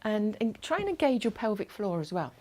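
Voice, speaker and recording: A woman instructor leading a gentle chair exercise class over a video call, encouraging and instructive. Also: mid-range voice, sing-song, fairly quick.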